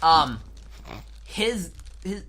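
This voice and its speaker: A man's voice: a little high, expressive, very slow, sharp tone, a little hiss or hum. Twenty-something man telling rambling stories. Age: 20s. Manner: rambling storytelling with many restarts. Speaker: podcast co-host. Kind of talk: casual chat.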